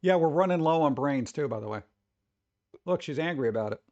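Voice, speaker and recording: A man's voice: on the high side, animated, fairly quick, darkish tone, no room sound, dull audio. A man chatting casually on a live stream, rambling, swearing freely and often laughing.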